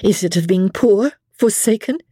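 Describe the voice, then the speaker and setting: A woman's voice: medium pitch, normal speed, mellow, breathy edge, no echo, clean studio sound, voice pushed up, lightly acted. A woman voicing a charming, scheming young woman whose sweetness has defiance under it. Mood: defiant.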